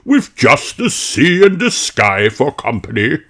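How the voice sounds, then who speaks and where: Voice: medium pitch, very animated, measured pace, noisy background, voice pushed up. A storybook reader voicing a lonely, effusive old male rabbit living alone in a lighthouse. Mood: excited. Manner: exclamatory and effusive.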